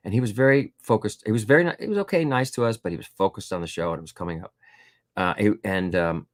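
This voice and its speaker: A man's voice: lowish voice, fast, no room sound, clean studio sound. A middle-aged man, an author being interviewed, telling stories casually with lots of ums and voiced quotes. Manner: animated anecdotes with voiced quotes and frequent fillers. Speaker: guest author.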